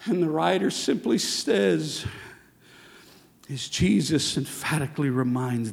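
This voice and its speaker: A young man preaching a sermon as a pastor, swinging from hushed whispers to shouted exhortation. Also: fairly high pitch, animated, slow, gravelly, long reverb tail.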